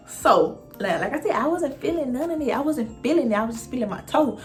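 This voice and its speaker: Animated young woman telling a storytime. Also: a little high, normal speed, soft background music. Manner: animated, profane, addresses viewers directly. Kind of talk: casual storytime monologue.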